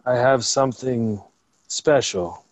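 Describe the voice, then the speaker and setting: A young man co-hosting a comedy podcast who reads a crude mock movie trailer in deadpan announcer style. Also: mid-range voice, slow pace. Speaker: podcast co-host. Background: guitar music.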